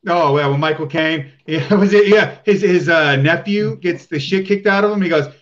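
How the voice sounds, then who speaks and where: A man's voice: fairly high pitch, normal speed, fairly bright tone, lo-fi sound. A man guesting on a casual chat, explaining films with frequent hesitations. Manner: film-buff explaining, with hesitations.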